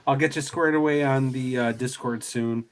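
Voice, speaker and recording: A man's voice: mid-range voice, steady tone, moderate pace. A man hosting a casual podcast, easygoing as he reads out viewer messages. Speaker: podcast host.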